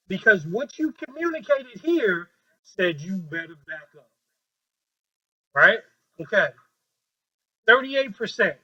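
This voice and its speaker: A man leading a training workshop with a group, talking in a lively, joking way and acting out quoted voices on a handheld mic. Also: high-pitched, low-quality recording.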